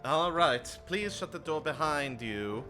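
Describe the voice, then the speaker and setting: A man running a tabletop game as dungeon master, narrating in a relaxed, rambling way with asides. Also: a little high, unhurried, soft background music.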